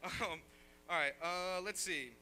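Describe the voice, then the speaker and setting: A man's voice: high voice, takes it slowly, sharp tone, slight background noise. A man from Germany doing a sarcastic, exasperated stand-up set on a comedy club stage, talking into a handheld mic. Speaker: stand-up comic.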